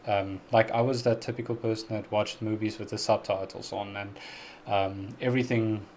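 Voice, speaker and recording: Young Afrikaans-accented male streamer, slightly low voice, friendly and chatty, faint noise in the background. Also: fairly even intonation, normal speed, a little mellow. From South Africa. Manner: friendly, chatty, laughs often, many fillers. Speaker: live stream host. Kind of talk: casual live-stream Q&A chat.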